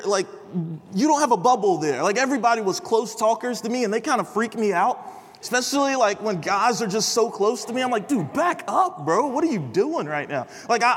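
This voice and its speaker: A young man giving a chatty, animated chapel sermon to a large audience, peppered with bro and dude. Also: high voice, brisk, slightly rough, big-room sound. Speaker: chapel speaker. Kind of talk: casual storytelling sermon.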